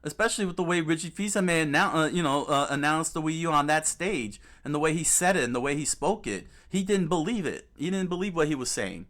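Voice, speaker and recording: A man hosts his gaming channel in loose, casual commentary, hammering his points home by repeating them. He restarts sentences and fills gaps with fillers as he goes. His voice sits a bit higher than most men's. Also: lively intonation, fast, few pauses, fairly bright tone. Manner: emphatic and repetitive, with many restarts and fillers. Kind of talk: casual commentary while browsing clips.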